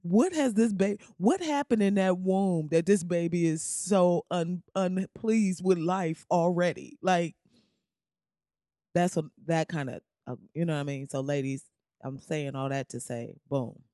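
A woman's voice: on the low side, a little slow, no echo, studio quality. A young woman hosting a podcast, ranting casually with slang, jokes and riffs. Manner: animated, slangy, beatboxes and riffs. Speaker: podcast host. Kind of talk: casual comedic rant.

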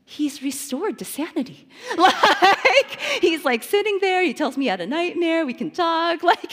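A woman in her thirties gives a heartfelt faith talk. Her voice sits high and swings widely as she tells stories, laughing often and trailing into fillers. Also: normal speed. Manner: animated storytelling, laughs often, many fillers. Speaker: Christian speaker.

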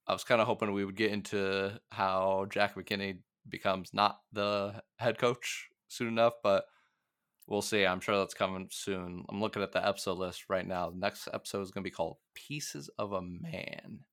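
Low-voiced chatty man, smooth and dry. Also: fairly even intonation, a bit bright, no echo. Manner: chatty, laughing, quick asides. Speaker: podcast co-host. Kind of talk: casual podcast chat.

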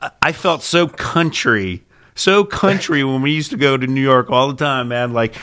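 A man with a Pittsburgh accent chats casually as a podcast co-host. His voice is bright and forward. He rambles, restarts his sentences and tells stories with plenty of animation. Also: mid-range voice, normal speed, clear, resonant tone. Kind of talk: casual chat.

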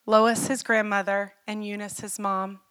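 A woman's voice: medium pitch, flat delivery, measured pace, fairly bright tone, clear, resonant tone. A middle-aged woman pastor preaching a sermon in an earnest, personal way, telling stories and asking the listeners questions.

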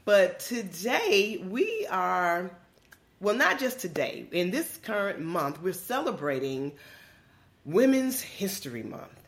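A woman's voice: medium pitch, big pitch swings. A woman from Georgia hosting a podcast, talking to listeners in an emphatic, casual way and calling them "y'all". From Georgia, USA. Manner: calls listeners "y'all", drawn-out emphatic delivery. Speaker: podcast host.

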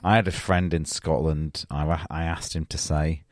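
A man's voice: extremely low pitch, steady tone, normal speed, dry recording, clean studio sound. A man with a Northern English accent co-hosting a beer podcast, easygoing and laughing often. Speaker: podcast co-host. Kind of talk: casual chat.

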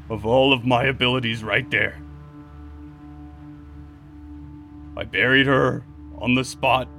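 A man playing a remorseful male guardian who talks in halting, choked apologies during a tabletop game. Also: medium pitch, sharp tone. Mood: grave. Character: remorseful grieving male guardian, tender and guilty.

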